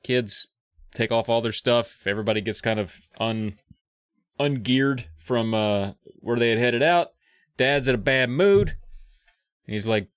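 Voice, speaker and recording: A man's voice: mid-range voice, moderate pace, a bit bright, no echo, clean studio sound. A man co-hosting a podcast, animatedly retelling a story and acting out its characters. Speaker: podcast co-host. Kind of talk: casual chat retelling a book.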